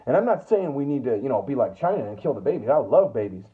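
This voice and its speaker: A US Northwest political commentator rants heatedly and profanely at a quick pace, his mid-range voice sing-song with a breathy edge. He stammers through frequent restarts, and the recording sounds tinny, as if over a phone.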